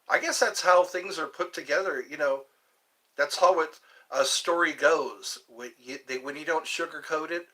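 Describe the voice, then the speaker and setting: A man's voice: fairly high pitch, pushed and bright, husky, rough recording. A man hosting a live stream, rambling casually and answering viewers' comments.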